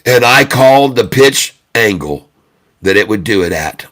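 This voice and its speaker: A loud, excitable man hosting a live trading stream, with a bright, forceful tone. He hammers his points home by repeating them over and over. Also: lowish voice, measured pace. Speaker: day-trading livestream host.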